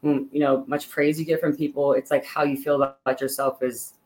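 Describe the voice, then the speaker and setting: A woman's voice: rumbling low, little pitch movement, a little fast, a little mellow, slight background noise, low-quality recording. A woman singer-songwriter from Pittsburgh, a guest in a casual interview, talking earnestly and upbeat with many fillers. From Pittsburgh, Pennsylvania.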